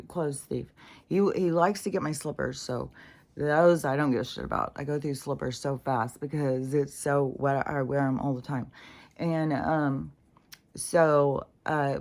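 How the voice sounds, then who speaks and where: Low-voiced woman rambling in a vlog. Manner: meandering, swears freely, many fillers and restarts. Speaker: vlogger. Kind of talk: rambling casual monologue. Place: home, sitting in her chair.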